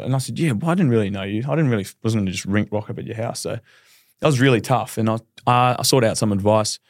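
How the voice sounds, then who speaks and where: A man's voice: fairly low pitch, fast, no room sound, studio quality. A man in his thirties with an Australian accent, a footballer telling his story as a podcast guest in a candid, rambling way. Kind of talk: casual podcast interview.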